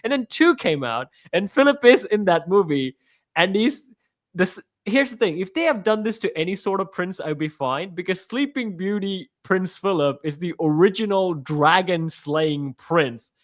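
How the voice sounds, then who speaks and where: Rambling, animated male podcast co-host. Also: high voice, moderate pace. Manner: animated, rambling, laughs often. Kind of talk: casual chat.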